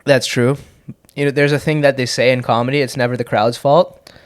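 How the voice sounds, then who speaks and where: A man's voice: medium pitch, fairly even intonation, brisk. A young man from Canada hosting a podcast, chatting casually in a loose, profane, rambling way with many restarts. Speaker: podcast host and comedian. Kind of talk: casual chat.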